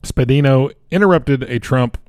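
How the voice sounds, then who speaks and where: A man's voice: mid-range voice, normal speed, darkish tone, dry recording, clean studio sound. Tired man reading news with jokes. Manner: jokey, stumbles over names while reading. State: tired, holding back yawns. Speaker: radio co-host. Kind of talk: casual banter reading odd news stories.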